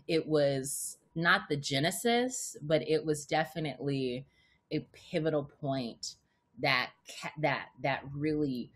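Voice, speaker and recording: A woman actor as a podcast guest, telling stories in a casual, animated way, often stammering and repeating words. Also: low voice, slow, husky. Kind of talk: casual interview chat. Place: podcast recording.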